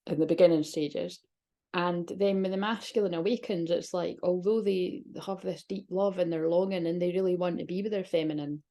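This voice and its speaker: A woman's voice: fairly low pitch, mellow. A woman talking as a spiritual reader in a casual, rambling monologue, frank and swearing freely.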